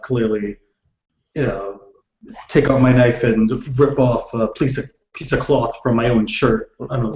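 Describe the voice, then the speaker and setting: A man's voice: mid-range voice, darkish tone, lo-fi sound. Hesitant man in an echoey room. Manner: hesitant, with many restarts. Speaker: player. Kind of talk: describing character actions in a tabletop game.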